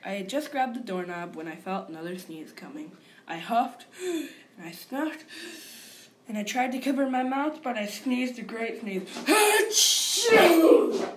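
A woman's voice: on the high side, expressive, moderate pace, a little hiss or hum, lightly acted. A woman playing a sly, aggrieved wolf. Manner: aggrieved, confiding storyteller. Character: wolf, male, self-pitying and sly. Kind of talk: storybook read-aloud.

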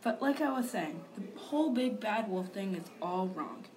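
A woman's voice: mid-range voice, lively intonation, normal speed, very noisy, lightly acted. A woman reading aloud as a male wolf narrator, telling his side of the story in an aggrieved, confiding manner. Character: wolf, male, self-pitying and sly.

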